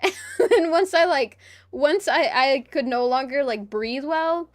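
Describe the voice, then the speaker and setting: A young woman streamer chatting casually and telling a personal story, animated, swearing often and laughing between phrases. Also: high-pitched, measured pace, no echo.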